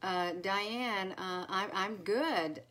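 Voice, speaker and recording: A woman's voice: medium pitch, drawn-out words, a bit bright. A woman hosting a casual live stream, greeting viewers one by one by name with many fillers. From United States. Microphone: phone.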